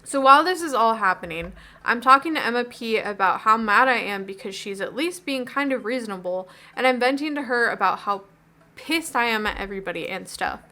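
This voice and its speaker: Hurt teenage girl from a video game, rambling and gossipy, a woman doing the lines, high voice. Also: animated, a little fast, bright, forceful tone.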